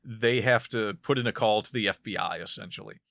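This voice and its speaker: A man's voice: on the low side, a little fast, a bit bright, no room sound. A man co-hosting a casual podcast, retelling a book's plot in a rambling way with many restarts. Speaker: podcast co-host. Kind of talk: casual chat.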